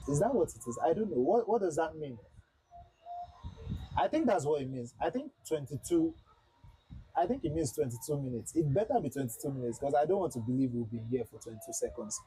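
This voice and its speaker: Husky young man livestreaming a flight sim. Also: on the high side, big pitch swings, fairly quick, warm tone, poor audio. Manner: chatty, repeats himself, talks to chat. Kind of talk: casual livestream commentary.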